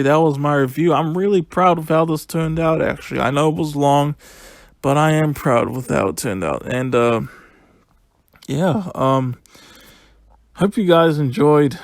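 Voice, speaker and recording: Excitable man rambling through a recap. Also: fairly high pitch, unhurried, no room sound, clean studio sound. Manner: excitable, rambling, casual storytelling. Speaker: wrestling event reviewer. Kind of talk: casual solo review recap.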